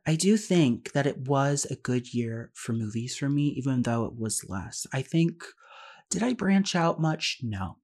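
A man hosting a solo podcast, talking very fast in a rambling, self-deprecating way. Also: mid-range voice, darkish tone. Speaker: podcast host.

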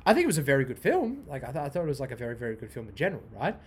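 Animated, swearing young man rambling. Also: mid-range voice, very fast, slightly rough. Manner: profane, repetitive, goes off on tangents. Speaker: podcast host. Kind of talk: casual rambling monologue.

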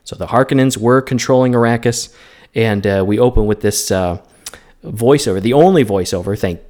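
Opinionated man co-hosting a film podcast. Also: medium pitch. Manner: opinionated, animated film talk with quick asides. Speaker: podcast co-host. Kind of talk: casual chat.

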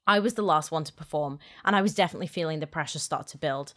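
A woman's voice: low-pitched, quick pace, a bit bright. A young woman and podcast co-host reading a fan fiction aloud in the first person, dramatic, with amused asides in the chat. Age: young adult.

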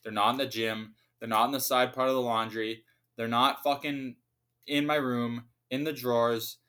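A young man talks alone into his podcast mic, ranting loosely and swearing freely. His sarcasm runs through the whole talk, at an ordinary male pitch. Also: little pitch movement, moderate pace, sharp tone. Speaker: podcast host. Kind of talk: casual solo podcast rant.

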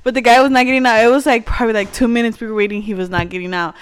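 A woman chatting on a casual podcast, talking quickly in a slightly high voice. She tells a story at a rapid clip and pushes back when she is teased. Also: fairly even intonation, clear, resonant tone. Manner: storytelling, defensive. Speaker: podcast co-host. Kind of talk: casual chat.

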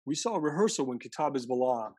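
A man speaking as a guest in an interview, recounting his time as an intelligence analyst with animated storytelling and frequent restarts. His voice is husky, at a middle pitch for a man. The recording is dry and close. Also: fast, no echo. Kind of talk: conversational interview.

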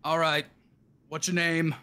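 Officious desk guard firing off questions, brisk and bureaucratic, a guy voicing him. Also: fairly high pitch, flat delivery, sharp tone, clear, resonant tone, pitched above the performer's own voice.

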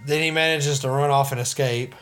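A man with an ordinary middle-pitched voice, easygoing as he walks through a movie's plot step by step, restarting sentences as he goes. Soft music sits faintly behind him. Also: brisk, clean tone. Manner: relaxed storytelling, trailing restarts. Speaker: podcast co-host. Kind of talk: casual movie recap chat.

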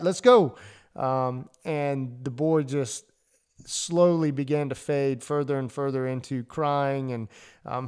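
A man's voice: medium pitch, darkish tone, clear, resonant tone. A man in his thirties hosting a faith podcast, telling a personal story in a loose, rambling way with many ums and uhs. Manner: rambling, filler-heavy storytelling.

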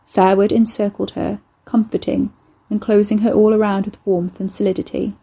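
A woman reading a horror novel aloud in a measured, intimate narration. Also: medium pitch, flat delivery, creaky, dark tone, husky. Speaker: audiobook narrator.

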